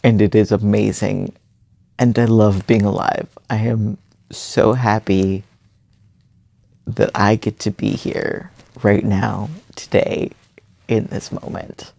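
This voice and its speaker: A young man giving an earnest, halting personal monologue late at night. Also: fairly low pitch, flat delivery, creaky, a little mellow, no room sound.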